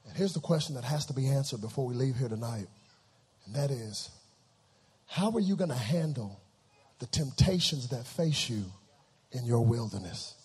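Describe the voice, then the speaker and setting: A man in his thirties preaching a live sermon in a church, dramatic call-and-response delivery that swings from hushed to shouting. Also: mid-range voice, animated, moderate pace, long pauses, breathy edge. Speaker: pastor.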